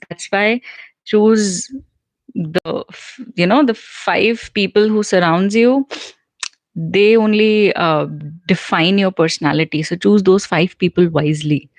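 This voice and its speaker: A woman's voice: on the low side, dry recording, low-quality recording. A woman with an Indian English accent, a native Hindi and Punjabi speaker, hosting a casual live stream as a spoken English teacher. She reads viewer comments aloud and answers them in an encouraging, chatty way, with lots of fillers and restarts.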